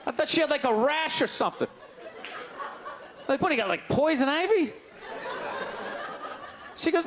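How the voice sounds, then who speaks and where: A man doing stand-up comedy, ranting loudly and incredulously, shouting his punchlines to an audience on stage with a handheld mic. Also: very high voice, expressive, moderate pace, long pauses. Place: large comedy venue on stage. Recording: live show with crowd laughter and noise. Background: audience laughing and groaning.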